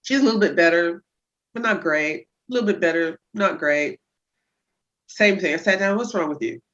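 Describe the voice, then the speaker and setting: A woman chiropractor talking about her patients as a guest on a casual podcast interview, telling stories with lively energy. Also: normal speed, lo-fi sound. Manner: lively storyteller who acts out patients in high voices.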